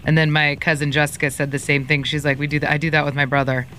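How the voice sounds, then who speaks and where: A woman's voice: deep voice, flat delivery, quick pace, fairly bright tone, a little hiss or hum. A woman co-hosting a morning radio show, chatting casually, laughing often and acting out quotes from her family. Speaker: radio co-host.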